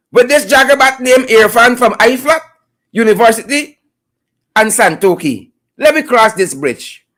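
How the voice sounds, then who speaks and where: A political commentator with a Guyanese accent hosts a live stream in a sarcastic, mocking tone. The pitch swoops widely from phrase to phrase, and key points are hammered home through repetition. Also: a bit bright.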